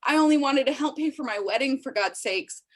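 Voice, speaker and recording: A woman's voice: high voice, lively intonation, a little fast. A woman in her thirties leading a sales team call, giving an emotional, urgent motivational pep talk over a video call. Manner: emotional, urgent, pleading with listeners.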